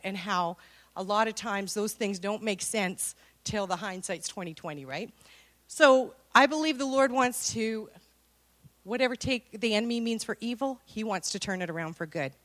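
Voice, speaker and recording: A woman, giving a sermon full of personal stories, acting out dialogue and laughing often. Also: mid-range voice. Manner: animated storytelling, acts out dialogue, laughs often. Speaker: women's speaker.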